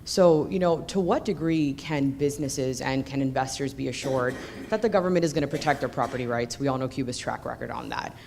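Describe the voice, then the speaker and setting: A woman's voice: very deep voice, a little fast, gravelly, hardly any pauses, darkish tone, a little hiss or hum. A woman policy researcher asking a conference panel a question from the floor, articulate but dotted with fillers. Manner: articulate, with frequent you-know fillers.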